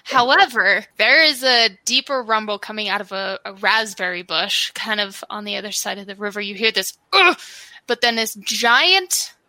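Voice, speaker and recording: A woman narrating a tabletop game as game master, describing scenes in a relaxed storytelling manner. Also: medium pitch, moderate pace, hardly any pauses, no room sound, poor audio.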